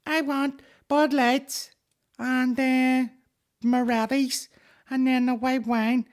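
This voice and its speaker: A man voicing an alcoholic eight-year-old child, slow and whiny. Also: extremely high pitch, level tone, voice pushed up.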